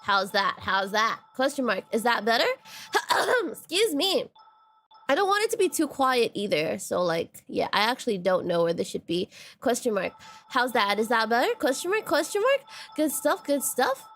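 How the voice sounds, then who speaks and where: A young woman streaming a game, chatting casually and quickly, bubbly and repeating her phrases as she talks to her viewers. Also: fairly high pitch, sing-song, a bit bright.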